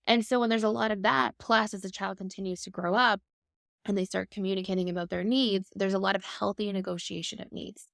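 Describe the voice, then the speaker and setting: A woman's voice: mid-range voice, fairly even intonation, brisk, creaky, fairly bright tone, no echo, clean studio sound. A woman in her thirties, a guest expert, explaining attachment styles in a fluent, upbeat conversational way.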